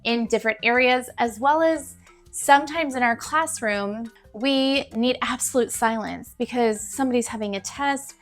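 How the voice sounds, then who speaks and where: A young woman teacher talks straight to the camera in a chatty, encouraging way, repeating her points for emphasis. Her voice sits a little on the high side. Soft music plays faintly behind her. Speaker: teacher giving classroom tips. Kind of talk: casual advice to camera.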